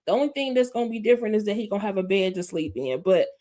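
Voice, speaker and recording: A woman in casual chat about a TV episode, animated and exclamatory. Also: medium pitch, racing. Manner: animated, laughs easily, exclamatory. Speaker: recap co-host.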